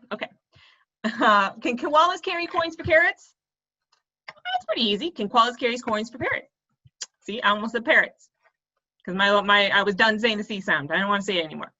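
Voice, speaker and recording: Bright-voiced woman teaching kids. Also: mid-range voice, dull audio. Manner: playful, tripping over tongue twisters. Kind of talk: video lesson for kids.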